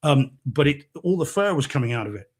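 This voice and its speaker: A man co-hosts a live show in casual conversation. His voice sits at an ordinary middle pitch. He keeps up a jokey, teasing banter. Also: animated, fairly quick, slightly rough. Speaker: co-host.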